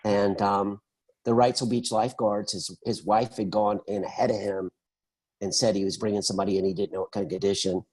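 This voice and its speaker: Husky low-voiced man telling a story. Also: a little fast, low-quality recording. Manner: animated storyteller, acts out quoted voices. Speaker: interview guest. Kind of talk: conversational storytelling.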